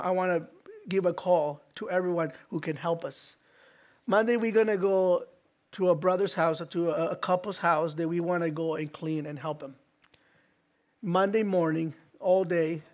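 A man preaching a sermon as pastor, earnest and repetitive, stumbling into restarts and acting out short quoted prayers. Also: sits high. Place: church hall.

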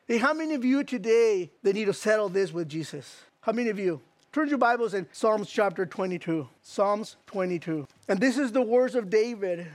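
A man preaching a sermon as pastor, reading scripture slowly and asking the listeners direct questions. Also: sits high, no room sound. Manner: emphatic, slows down to read scripture, asks the crowd direct questions.

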